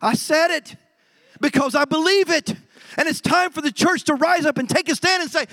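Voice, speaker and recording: High-voiced emphatic male pastor preaching. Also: normal speed, no room sound. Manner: emphatic, swings from low murmurs to loud outbursts. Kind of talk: sermon.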